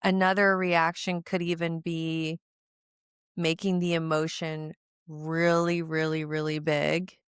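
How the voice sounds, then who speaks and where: A woman's voice: low-pitched, flat delivery, takes it slowly, smooth, dry recording, studio quality. A middle-aged woman hosting a podcast, teaching in a conversational way and repeating words for emphasis. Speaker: podcast host.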